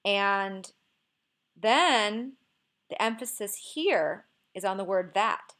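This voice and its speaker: A woman's voice: mid-range voice, expressive, slow, fairly bright tone. A woman teacher explaining poetic meter in a recorded lesson, patient and explanatory, often checking in with "okay".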